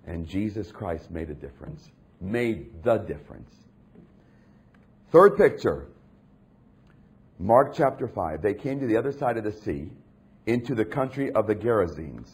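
Husky, animated male preacher. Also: normal speed. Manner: dramatic, emphatic preaching that swings from low and hushed to loud and intense. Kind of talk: sermon.

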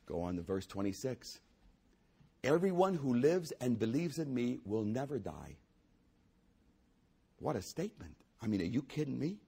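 Male pastor, husky gravelly voice, lively emphatic sermon delivery. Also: mid-range voice, moderate pace, long pauses. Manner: animated, emphatic, builds to raised voice.

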